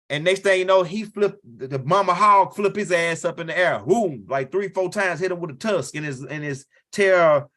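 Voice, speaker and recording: Man, stand-up comic, profane rambling storyteller, bright tense voice, slightly high. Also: moderate pace. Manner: loose, profane storytelling with frequent "right?" tags. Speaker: stand-up comedian.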